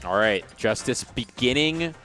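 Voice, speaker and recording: A male esports commentator with a very lively, swinging delivery, calling a match in a relaxed back-and-forth with his partner. Music plays clearly under his voice throughout the stream. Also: unhurried. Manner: lively, animated, jumps in pitch when excited. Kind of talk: casual play-by-play commentary.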